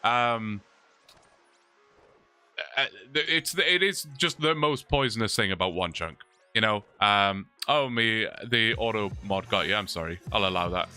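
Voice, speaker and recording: A man's voice: fairly low pitch, expressive, measured pace, bright, forceful tone, clean tone, soft background music. A young man chatting casually on a long livestream, rambling, reading chat and laughing often, his mouth sore from talking.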